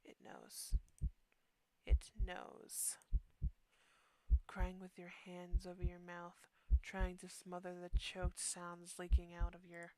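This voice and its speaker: A woman streamer reading a horror game's text aloud, slow and deliberate, often dropping to a hushed near-whisper, with quick asides between passages. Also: lowish voice, monotone, rough recording.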